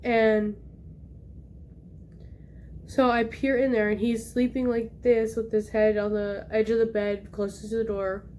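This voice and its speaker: A young woman vlogger telling a personal story in casual talk, animated and acting out the voices she quotes. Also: a little high, a little slow, pauses often, a little hiss or hum.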